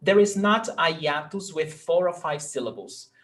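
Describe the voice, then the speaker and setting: A man's voice: a little high, lively intonation, normal speed, a bit bright. A male Portuguese teacher giving an online lesson, patiently explaining grammar rules step by step and often checking that his student understands.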